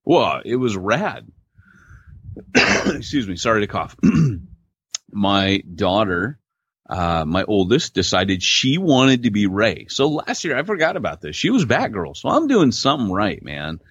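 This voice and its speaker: Male podcast co-host, casual storyteller, low and animated, muffled dry call audio. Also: a little slow, husky, no echo. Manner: animated storyteller, laid-back slang. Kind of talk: casual chat.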